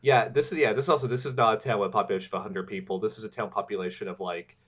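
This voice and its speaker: A man co-hosting a casual movie review chat, rambling and repeating himself, sometimes jumping into high mock voices. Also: steady tone, rapid-fire, fairly bright tone, muffled recording. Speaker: podcast co-host.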